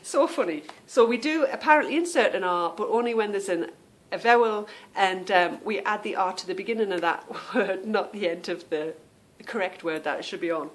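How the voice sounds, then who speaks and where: This podcast host, a woman whose first language is English, speaks at medium pitch, fairly quickly and with few pauses. In her casual monologue she explains things chattily, amused with herself and leaning on plenty of fillers.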